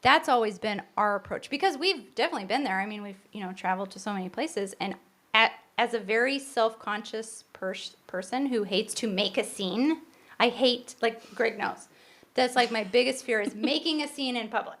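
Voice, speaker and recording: A woman's voice: fairly high pitch, moderate pace, fairly bright tone. A middle-aged woman co-hosting a podcast, explaining her views earnestly and at length, often restarting her sentences. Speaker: podcast co-host. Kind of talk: casual podcast conversation.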